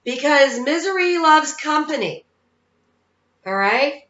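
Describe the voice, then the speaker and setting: A woman's voice: high-pitched, expressive, slow, a bit bright. A woman psychic medium giving casual spiritual advice in a folksy, chatty way, often checking in with her listeners. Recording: echoey room, dull lo-fi sound.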